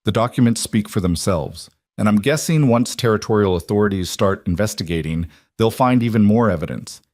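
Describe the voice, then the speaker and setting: A man voicing a quiet, controlled mountain cowboy, with a low voice in a dry recording. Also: animated, fairly quick, no echo, lightly acted. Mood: calm. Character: calm stern male mountain cowboy.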